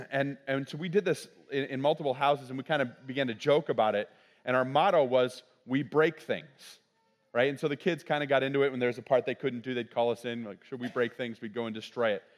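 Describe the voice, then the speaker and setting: A middle-aged man, a pastor, giving a sermon in a conversational storytelling way, often checking in with "right?" asides. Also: medium pitch.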